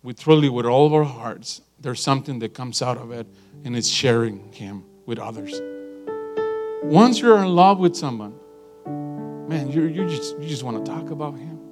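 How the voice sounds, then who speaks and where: A middle-aged man preaching a sermon in an animated, emphatic way, telling stories to a congregation. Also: mid-range voice, normal speed. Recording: guitar and piano music underneath.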